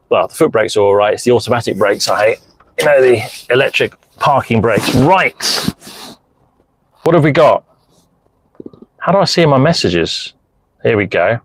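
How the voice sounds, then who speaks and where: A man's voice: mid-range voice, no echo, rough recording. A middle-aged man chatting casually on a live stream from inside his car, rambling as he answers viewers' messages. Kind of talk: casual live-stream chat while driving. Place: inside a car, parked in a lay-by. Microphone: phone mounted hands-free in the car.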